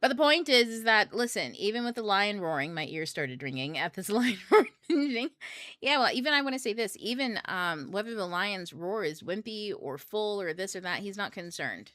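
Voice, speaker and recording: Bright-voiced woman, rambling and candid. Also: mid-range voice, sing-song, moderate pace, dry recording. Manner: rambling, candid, swears casually. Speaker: book club host. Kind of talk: casual livestream talk on astrology.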